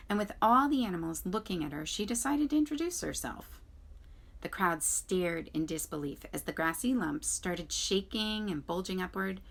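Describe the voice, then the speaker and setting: Woman librarian, clear expressive read-aloud of a children's book for students. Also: medium pitch. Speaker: school librarian.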